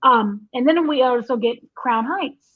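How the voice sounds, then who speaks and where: This co-host, an entertainment editor, has a high voice and a slightly slow delivery. In a casual chat reviewing a TV show, she talks it over and acts out quotes from it. The recording sounds dull and lo-fi.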